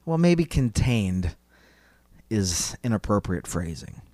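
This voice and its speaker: A man's voice: on the low side, big pitch swings, slow pace, mellow, dry recording. A man hosting a podcast, telling a story in a casual, rambling, playful way full of "like" fillers. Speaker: podcast host. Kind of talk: casual chat.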